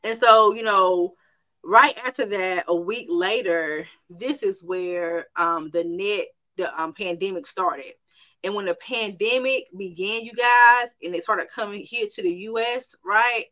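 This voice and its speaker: A middle-aged woman who runs a private practice shares a personal faith testimony emphatically, repeating phrases and often addressing her listeners directly. Her medium-pitched voice is pushed and bright, with a measured pace.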